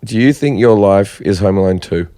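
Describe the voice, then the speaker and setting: A man's voice: lowish voice, normal speed, dark tone, clean tone, no echo, clean studio sound. A man chatting on a comedy podcast who teases the others and tells wry stories. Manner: wry, teasing interjections. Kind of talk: casual comedic chat.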